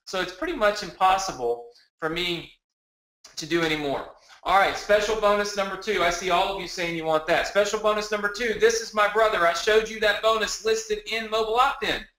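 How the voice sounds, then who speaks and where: A man presenting a live sales webinar from his home, energetic and repetitive, rallying the audience with questions. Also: high-pitched, a little fast, roomy sound, rough recording. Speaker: webinar presenter selling a product. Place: home office.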